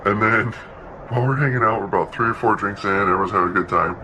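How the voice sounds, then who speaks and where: A man's voice: fairly low pitch, quick pace, background noise. A man telling a laid-back story in a casual monologue, swearing freely and acting out quotes. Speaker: podcast host.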